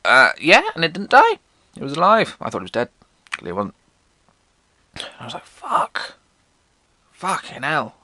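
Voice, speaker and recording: Sweary man, lively storytelling. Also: fairly quick, pauses often, no room sound. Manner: sweary, irreverent, self-mocking; acts out quotes in jumpy pitch. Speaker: podcast host. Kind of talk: comedic personal storytelling.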